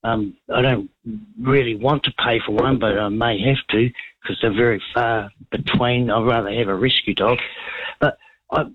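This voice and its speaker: A man with a New Zealand accent calling in to a talk show, hesitant with many pauses and ums. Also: mid-range voice, steady tone, dry recording. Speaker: caller. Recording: husky phone line.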